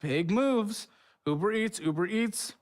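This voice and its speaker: A man's voice: sits high, animated, takes it slowly. A man co-hosting a casual podcast, teasing his friend while reading out his purchases in a sing-song list. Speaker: podcast co-host.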